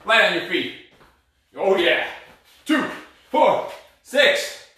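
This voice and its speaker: A man's voice: high voice, sing-song, slow, bright, forceful tone. Breathless man barking workout commands. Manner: barking short commands and counts, pushy and blunt. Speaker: fitness instructor. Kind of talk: coaching a live cardio boxing class. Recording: echoey room, voice far from mic.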